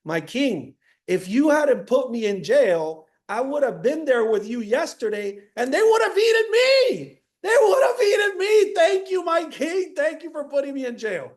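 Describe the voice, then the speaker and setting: A man voicing a wise old royal advisor in a told fable, calmly repeating his refrain. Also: very high voice, normal speed. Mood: serene. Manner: steady, repeating a calm refrain.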